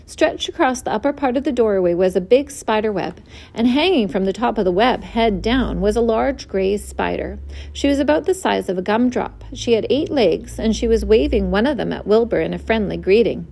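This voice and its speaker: A woman reading a children's book aloud, expressive and clear. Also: medium pitch, normal speed. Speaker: storyteller.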